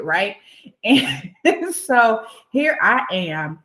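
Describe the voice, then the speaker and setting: Woman talking real slow, kinda low voice, gets emotional and holds back tears, echoey room. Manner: animated, slows and fights back tears. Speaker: interview guest, honoree. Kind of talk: emotional conversational interview.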